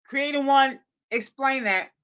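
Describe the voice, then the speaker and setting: A woman's voice: high voice, unhurried, a bit bright, lo-fi sound. Exasperated woman scolding her livestream chat. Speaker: livestream host. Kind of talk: casual live-stream chat with viewers.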